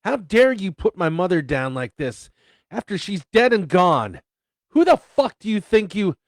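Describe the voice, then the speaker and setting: Man voicing a grieving adult son, low voice, stammering and defensive, dry recording. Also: takes it slowly, no room sound. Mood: furious. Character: grown son, grieving and quick to anger.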